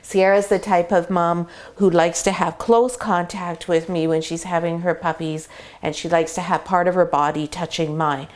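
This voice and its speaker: A woman's voice: on the low side, steady tone, normal speed. Chatty woman explaining puppy care. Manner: chatty, explains step by step, playful voice asides. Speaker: dog breeder. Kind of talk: casual explainer video. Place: whelping box indoors.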